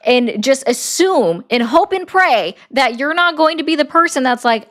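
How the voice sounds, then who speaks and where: A woman's voice: high voice, expressive, moderate pace, few pauses, fairly bright tone. A woman commentator arguing politics, pressing her points with persistent, repeated questions. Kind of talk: heated political debate.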